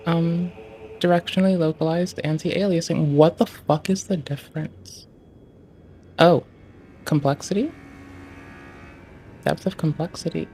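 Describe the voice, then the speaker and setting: Creaky-voiced swearing streamer muttering. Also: mid-range voice, fairly even intonation, a little slow, long pauses, dark tone, soft background music. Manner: swears a lot, mutters to self, asks the screen questions. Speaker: livestreamer. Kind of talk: casual live-stream commentary while adjusting game graphics settings.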